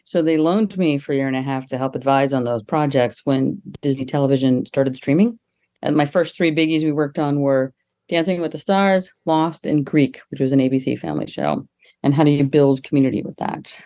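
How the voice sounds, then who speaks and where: A middle-aged woman, a guest on an interview podcast, telling lively stories and laughing often as she talks. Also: brisk. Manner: lively, acts out quoted people with jumps in pitch. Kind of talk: casual interview storytelling.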